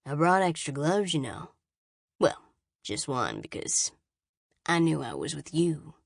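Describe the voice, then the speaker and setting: A woman's voice: low voice, sing-song, unhurried, vocal fry, breathy edge, dry recording, studio quality, exaggerated voice. A woman voicing a crude, smug male soldier guard who talks in a lazy, mocking drawl. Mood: taunting.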